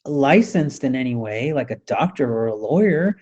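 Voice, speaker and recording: A male talk radio host delivering a scornful, ranting monologue. His voice is mellow and dark. The audio is a bit dull and muffled. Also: on the high side, lively intonation, normal speed.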